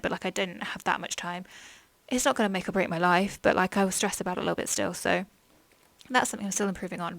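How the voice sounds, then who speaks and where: A woman's voice: mid-range voice, creaky, fairly bright tone, no room sound. A young woman hosting a podcast, chatting candidly about her mental health in a rambling, frank way, full of likes and ums. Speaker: podcast host.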